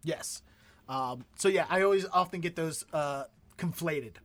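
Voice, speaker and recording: A male podcast host with a voice on the high side speaks at a measured pace in a casual comedic vocabulary segment. He's chatty and rambling, full of fillers.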